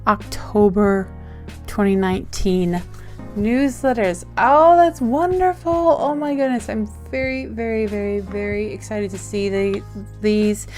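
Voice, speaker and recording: A woman's voice: mid-range voice, a little slow, darkish tone, faint music behind. An Australian woman opening fan mail on her vlog in a bubbly, gushing, giggly and rambling way. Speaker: zine-maker vlogger.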